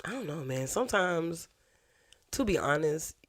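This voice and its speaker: A woman's voice: low voice, animated, measured pace. A woman, a teacher and podcast guest, telling stories candidly and with swearing in casual podcast chat. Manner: candid, profane storytelling.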